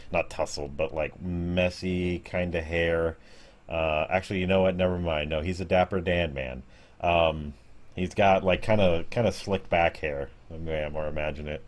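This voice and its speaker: A man narrating a tabletop game as game master, hesitant and correcting himself as he describes the scene. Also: sits low. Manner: hesitant, many fillers and self-corrections.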